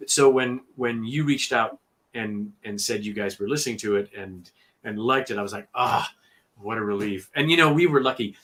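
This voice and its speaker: A man's voice: mid-range voice, brisk, bright, forceful tone. A man who narrates audiobooks, talking animatedly on a video call and restarting his sentences often. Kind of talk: casual conversation on a livestream.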